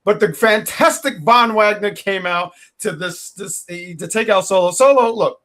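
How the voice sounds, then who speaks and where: A man's voice: high voice, measured pace, bright, forceful tone. A man co-hosting a casual wrestling review show from a home mic, joking and playing the bad guy. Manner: playful trash talk, playing the heel. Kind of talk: casual podcast review chat.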